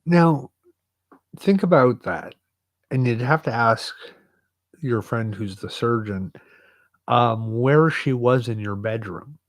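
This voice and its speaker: Laid-back guy on a podcast, slow talker, dry sound. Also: medium pitch, dry recording. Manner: calm, mostly brief agreements. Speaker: podcast co-host. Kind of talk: casual chat.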